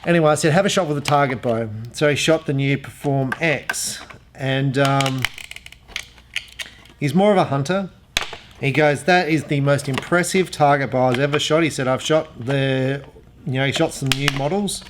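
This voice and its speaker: An archery shop owner reviews gear in a casual product demo, showing off an arrow rest while rambling through customer stories like a chatty storyteller. His medium-pitched voice moves at a moderate pace, with background noise audible.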